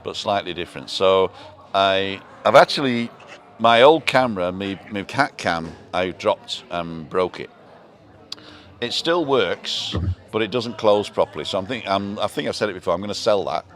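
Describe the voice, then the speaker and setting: Man, middle-aged, casual host, fairly low voice, rambling, jokey. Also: animated, normal speed, a bit bright. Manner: rambling, self-interrupting, jokey. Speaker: live show host. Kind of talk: casual chat.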